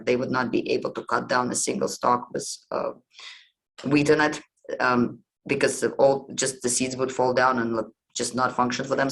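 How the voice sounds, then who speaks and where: A man's voice: medium pitch, creaky, fairly bright tone, poor audio. A man hosting a podcast, retelling myths in a casual, meandering, conversational way. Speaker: podcast host. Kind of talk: casual storytelling.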